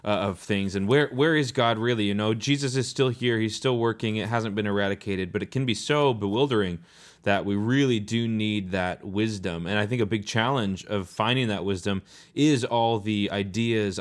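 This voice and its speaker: A man's voice: fairly low pitch, normal speed. A man co-hosting a reflective faith discussion, earnest and thoughtful, often searching for words as he talks. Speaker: podcast co-host.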